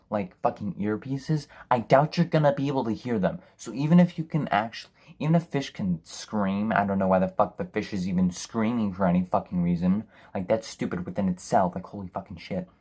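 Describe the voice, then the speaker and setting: A man's voice: on the low side, a little mellow, husky. A man reviewing a film in a sarcastic, profane, exasperated rant. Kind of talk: ranting film review commentary.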